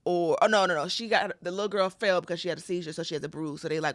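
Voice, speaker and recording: Speaking rapid-fire with barely a pause, a woman with a low-leaning voice retells a movie plot on the comedy podcast she co-hosts. Her animated, casual account is full of profanity and acted-out quotes, captured in studio quality with no echo.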